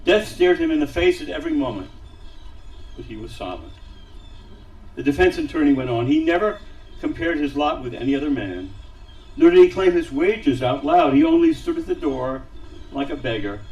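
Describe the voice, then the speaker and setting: A man reading a story aloud at a synagogue service, dramatic, dropping to a hush on quiet lines. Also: medium pitch, sing-song, normal speed, recorded from a distance, low-quality recording. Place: synagogue sanctuary.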